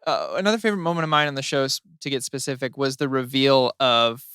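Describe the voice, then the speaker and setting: A man's voice: mid-range voice, fast, pushed and bright, clean tone, no room sound, studio quality. A man co-hosting a podcast, chatting casually and enthusiastically about a show he loves. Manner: enthusiastic, acts out characters' lines. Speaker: podcast co-host. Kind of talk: casual chat.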